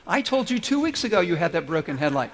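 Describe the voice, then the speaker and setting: Blunt tattling wife voiced by a male preacher; flat, matter-of-fact, long reverb. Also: high voice, fast talker, slight background noise.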